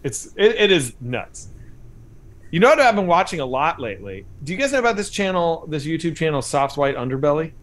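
A man's voice: a little high, very animated, fairly quick, a bit bright. Rambling man hosting a casual stream. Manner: rambling, filler-heavy, lots of "like". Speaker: comedy show host. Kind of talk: casual livestream chat.

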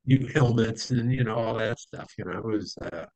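A man's voice: fairly low pitch, normal speed, a little mellow, no room sound, rough recording. Man, interview guest, casual storytelling, rambling, lots of fillers, dry close sound. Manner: rambling, many fillers, acts out quoted voices.

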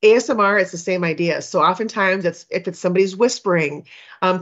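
A woman's voice: medium pitch, fast, muffled recording. A woman from Minnesota hosting an interview, chatty and rambling with frequent restarts. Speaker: podcast host. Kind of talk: podcast interview.

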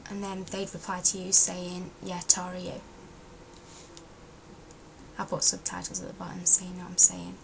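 A woman's voice: lowish voice, monotone, fairly quick, gravelly, hardly any pauses. Young woman, Derbyshire accent, chatty vlogger, faint background noise. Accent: Derbyshire English. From England. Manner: chatty, down-to-earth, reading words aloud. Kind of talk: casual accent tag vlog.

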